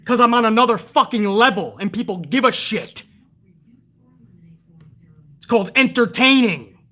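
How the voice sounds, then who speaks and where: A man's voice: extremely high pitch, expressive, moderate pace, sharp tone. A man hosting a wrestling review livestream, ranting with lots of profanity and reading out chat messages. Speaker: host of a wrestling review stream. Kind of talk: casual livestream commentary.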